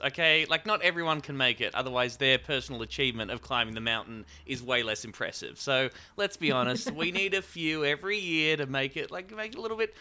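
Comedian dude on a podcast, really bright voice, crude jokes, keeps laughing. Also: male voice, mid-range voice. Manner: joking, laughs a lot, crude. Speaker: comedian guest.

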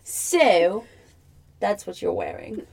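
A woman's voice: mid-range voice, lively intonation, slow pace, gravelly, very noisy. A young woman with a Boston accent, co-hosting a podcast in casual chat, playful and affectionate, clipping her words short. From Boston area. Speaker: podcast co-host.

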